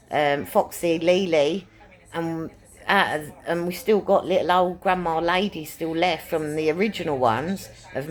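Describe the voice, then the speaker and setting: A woman chatting casually to camera, rambling and repeating phrases for emphasis as she talks about rescuing animals. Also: sits low. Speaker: pet owner and animal rescuer.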